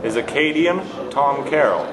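A man's voice: medium pitch, lively intonation, normal speed, reverberant, long reverb tail, crowd noise, natural voice. A young man playing a mock talk show host interviewing a guest. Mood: mock-serious.

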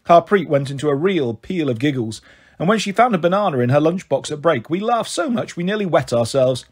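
A man reading a children's novel aloud in a calm, steady storytelling voice. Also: fairly high pitch, brisk, husky. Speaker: audiobook reader. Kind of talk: storybook narration.

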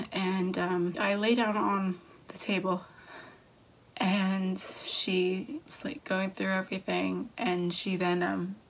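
A young woman tells a personal story straight to camera, her voice gravelly with fry and a husky edge. She speaks haltingly and often restarts her sentences. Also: medium pitch, low-quality recording. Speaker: vlogger.

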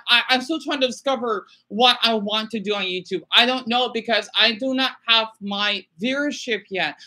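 Stressed guy livestreaming, bright voice, stumbles and repeats himself a lot, keeps saying sorry. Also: extremely high pitch. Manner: halting, repetitive, apologetic. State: stressed and distressed. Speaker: small YouTuber livestreaming. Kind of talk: emotional live stream talk.

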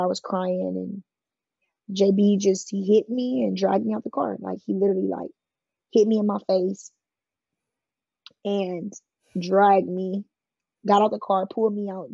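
Gravelly-voiced woman telling her story. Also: mid-range voice, mellow, no room sound, muffled recording. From California. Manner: frank and plain-spoken, with many "like" fillers. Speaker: guest sharing her life story. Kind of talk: emotional personal storytelling in an interview.

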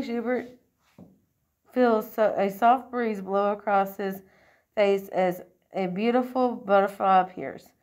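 A woman reading a children's picture book aloud, in an expressive read-aloud style with occasional slips and throat-clearing. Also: mid-range voice. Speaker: storybook reader.

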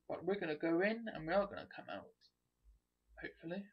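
A gamer giving chatty, excitable let's play commentary, thinking aloud as they explore. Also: medium pitch, fast talker, slightly rough. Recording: dull lo-fi recording.

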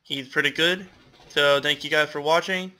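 Bright-voiced young guy commentating a game. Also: on the high side, steady tone, normal speed. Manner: self-deprecating, exclamatory, laughs often. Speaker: gamer commentator. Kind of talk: casual gameplay commentary.

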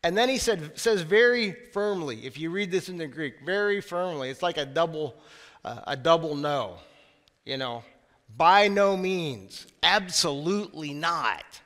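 Male pastor, high voice, talky sermon delivery, church reverb. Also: animated, moderate pace, fairly bright tone. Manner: conversational preaching with asides. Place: church sanctuary.

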